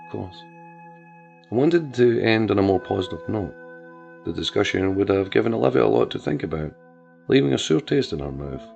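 A man narrating a crime drama story in a measured way. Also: low-pitched, vocal fry, darkish tone. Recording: dull lo-fi with faint music.

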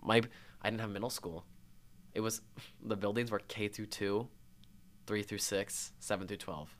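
A man's voice: fairly low pitch, fairly even intonation, unhurried. A young man from Minnesota co-hosting a podcast, chatting casually and teasing his co-host. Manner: teasing, joking. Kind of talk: casual chat.

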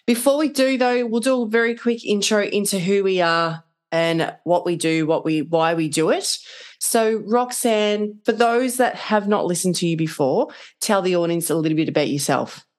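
A woman hosting a relationship podcast, upbeat and lively in casual chat, laughing easily with her guests. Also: mid-range voice, normal speed. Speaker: podcast host.

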